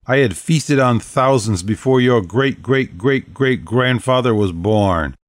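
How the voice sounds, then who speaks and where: A man's voice: on the low side, animated, normal speed, dry recording, studio quality, lightly acted. A man voicing a regal, commanding ancient female vampire leader, speaking boldly and stately in an audiobook. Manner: bold, stately, proclaiming. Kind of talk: audiobook character voice.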